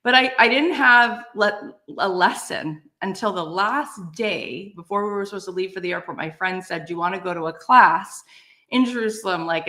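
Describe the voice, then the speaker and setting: Animated, lower-pitched woman telling a story. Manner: animated, exclaiming, many casual fillers. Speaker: podcast guest. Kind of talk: conversational storytelling.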